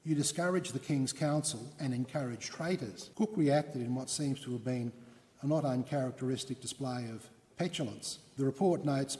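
A man's voice: mid-range voice, warm tone. A man giving a history lecture as a story, explaining in a wry manner. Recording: long hall reverb.

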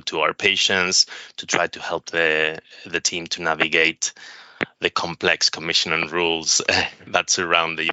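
A man working as a specialist pharmacist, explaining things in a measured way as a guest on a podcast interview. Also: low-pitched, pushed and bright, clean tone, dry recording. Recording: slightly dull dry podcast audio.

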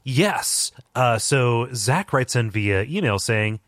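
A man's voice: mid-range voice, animated, slow, a bit bright, no echo, studio quality. A man guesting on a podcast who reads a listener email aloud and makes wry remarks, laughing easily. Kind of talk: casual chat, reading an email aloud.

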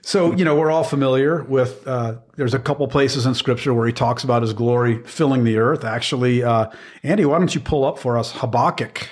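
A man co-hosting a faith podcast, talking earnestly through scripture in a casual teaching chat with frequent pauses and restarts. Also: mid-range voice. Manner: earnest, reflective, with many ums and restarts. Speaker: podcast co-host.

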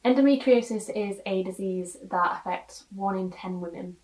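A woman's voice: medium pitch, normal speed, darkish tone. Woman reviewer, candid and heartfelt, with fillers; recorded with a distant mic in a reverberant room. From United Kingdom. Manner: frank, earnest, many ums, gets emotional. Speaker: podcast guest reviewer. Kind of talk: personal product review monologue. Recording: roomy echo, distant mic.

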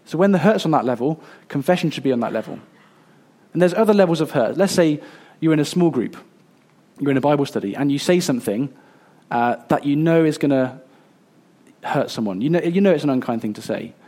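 Earnest male pastor with a mellow voice. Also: on the high side, expressive. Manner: earnest, halting with fillers and restarts. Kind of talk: sermon.

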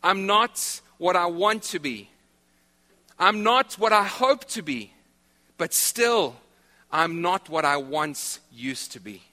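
Male pastor, lively repetitive sermon delivery, bright tone, recorded in a reverberant church hall. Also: sits high, slow. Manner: animated preaching with repetitions.

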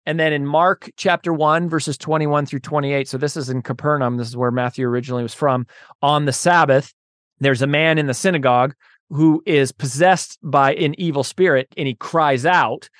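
Man, fairly high voice, dry close sound, casual Bible teaching, chatty fillers. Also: steady tone, normal speed, dry recording. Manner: conversational, many fillers like "right?" and "you know"; grows emphatic and louder when preaching about love. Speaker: Bible study host.

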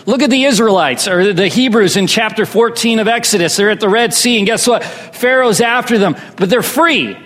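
High-voiced pastor preaching in reverberant hall. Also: male voice, fairly bright tone. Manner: call-and-response with congregation. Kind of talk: sermon.

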